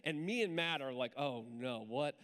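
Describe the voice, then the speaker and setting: A man preaching a sermon in church, telling a story in a lively, conversational way with asides to the congregation. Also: mid-range voice, normal speed. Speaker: pastor. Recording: hall reverb.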